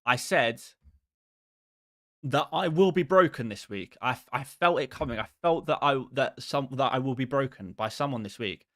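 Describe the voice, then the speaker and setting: A man's voice: mid-range voice, moderate pace, fairly bright tone, no room sound, clean studio sound. A man hosting a live stream who chats casually with his viewers in a rambling, exasperated and self-mocking way.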